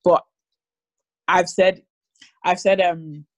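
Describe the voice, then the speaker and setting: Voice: medium pitch, fairly even intonation, drawn-out words, no echo. Young adult from Ireland, mixed Irish-British accent, asks questions, rambling, self-correcting. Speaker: interviewer. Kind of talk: casual conversation.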